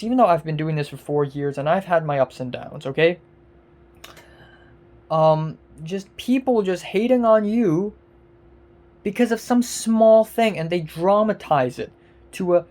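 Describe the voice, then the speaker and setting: Woman vlogger, angry rant, profane, exasperated, lowish voice, repeats herself. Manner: exasperated, profane, repeats words and restarts, bursts of loudness.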